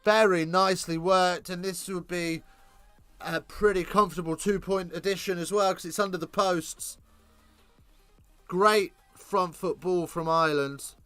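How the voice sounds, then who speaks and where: A man calling a live rugby game, chatty and self-correcting, lifting into excited bursts on big plays. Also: sits high, moderate pace, no room sound, faint music behind. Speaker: rugby commentator. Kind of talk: live alternative play-by-play commentary.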